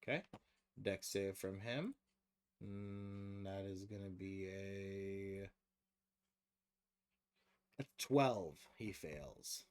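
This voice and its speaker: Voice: low voice, extremely slow, pauses often. A game master running a tabletop game on stream, talking casually, swearing freely and laughing often.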